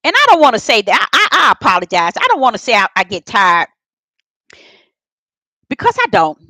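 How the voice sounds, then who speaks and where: A woman preaching in a live-streamed Bible study. She talks to the live chat, repeats words for emphasis, and swings from shouts to soft murmurs. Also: a little high, big pitch swings, quick pace, no echo, rough recording.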